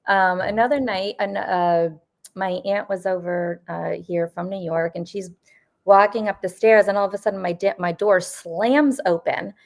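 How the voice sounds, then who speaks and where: A woman in her fifties from the US Northeast, a paranormal investigator telling stories in a casual interview, rambling with lots of fillers and quick laughs. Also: mid-range voice. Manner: rambling, full of "you know" and "like", laughs often.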